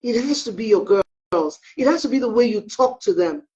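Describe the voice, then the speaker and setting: This parenting coach, a middle-aged woman, speaks at normal speed in a slightly high voice, with dull lo-fi sound. Telling family stories live online, she brings them to life by acting out what each person said.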